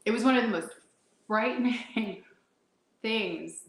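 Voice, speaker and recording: Animated woman in a roomy echo. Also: on the high side, takes it slowly, vocal fry. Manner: laughs often while talking, acts out her own and others' quoted lines. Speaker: guest sharing a paranormal experience. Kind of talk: animated personal storytelling.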